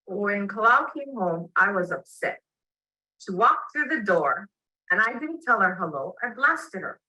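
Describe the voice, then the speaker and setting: A woman plays a family member in a mediation demonstration and answers plainly and earnestly. Her voice is bright and forward. The sound is dry and close. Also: mid-range voice, big pitch swings, a little slow, husky, dry recording, low-quality recording. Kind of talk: acting out a family conflict in a demonstration.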